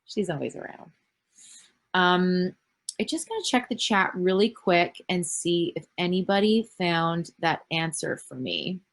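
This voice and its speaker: A Canadian actress in her thirties answers fan questions during a relaxed virtual panel held over video call. Her voice sits on the low side, expressive and unhurried, and she rambles with plenty of fillers and the occasional swear word.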